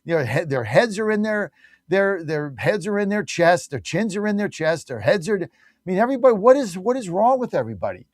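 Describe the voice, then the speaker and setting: A man's voice: sits high, very animated, a little fast, no room sound, studio quality. A man hosting a talk radio show, delivering an emphatic, combative opinion monologue full of rhetorical questions.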